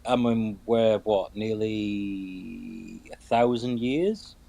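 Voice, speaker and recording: Give me a British man with a warm, mellow voice making thoughtful remarks in casual chat. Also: on the low side, very slow, creaky.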